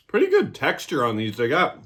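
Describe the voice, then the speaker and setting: A man's voice: medium pitch, wildly swooping pitch, a little fast, a bit bright. A man hosting his own review vlog, talking casually and joking as he eats. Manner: joking, irreverent. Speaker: cannabis reviewer.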